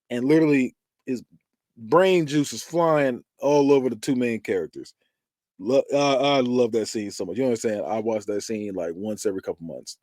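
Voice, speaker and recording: Male podcast host, casual and expressive, swearing freely, with a lively, jumpy delivery. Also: on the high side, dry recording, clean studio sound. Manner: animated, laughing, swearing, acting out scenes. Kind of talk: casual movie-review chat.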